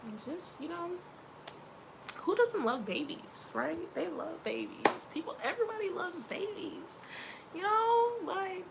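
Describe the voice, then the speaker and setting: A woman vlogger chatting casually to camera, animated and playful, with slangy asides. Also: very high-pitched, unhurried, vocal fry, background noise.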